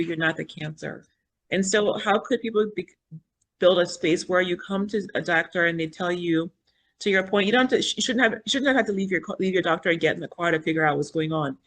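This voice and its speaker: A woman in her fifties, a podcast guest, telling her personal story in an animated, earnest way and acting out the things she and others said. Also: on the low side. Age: 50s. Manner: animated, acts out quoted dialogue and inner thoughts; spiritual, earnest. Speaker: podcast guest, foundation founder.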